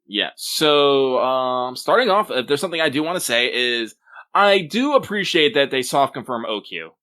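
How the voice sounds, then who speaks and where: A man co-hosting a podcast reads listener mail in casual chat, playful and jokey with mock-dramatic asides. He speaks at normal speed in a sharp, mid-range voice with lively intonation.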